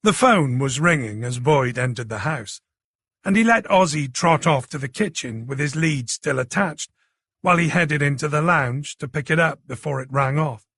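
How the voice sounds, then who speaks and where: A man narrating a thriller audiobook in a steady, even storytelling manner. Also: a little high, normal speed, slightly rough, no room sound, studio quality.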